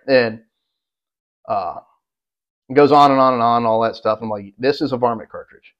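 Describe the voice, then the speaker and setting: A man's voice: medium pitch, brisk. Profane, rambling storyteller man. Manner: rambling, profane, animated when quoting others. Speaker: podcast co-host. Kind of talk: casual storytelling. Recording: dull lo-fi podcast audio.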